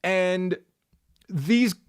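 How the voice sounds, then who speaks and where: A man's voice: sits high, very slow, smooth, no echo, studio quality. A man hosting a podcast, ranting casually in a profane, rambling way, full of restarts as he tells a story. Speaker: podcast host. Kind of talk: casual comedic rant. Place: podcast studio.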